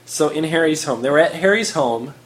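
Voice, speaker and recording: Animated male podcast host reading aloud. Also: on the high side, a little fast. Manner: laughs often, animated reading. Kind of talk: comedic dramatic reading.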